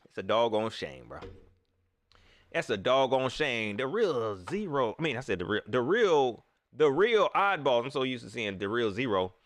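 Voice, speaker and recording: A man hosting a live sports show, teasing and preaching in casual, animated commentary. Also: medium pitch, normal speed, no echo.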